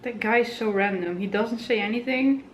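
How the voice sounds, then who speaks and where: A woman's voice: on the high side, normal speed, slight background noise. Chatty woman reacting to a show. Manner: chatty, blunt, laughs easily. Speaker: YouTube reactor. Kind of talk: casual reaction commentary. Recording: roomy room with show music playing.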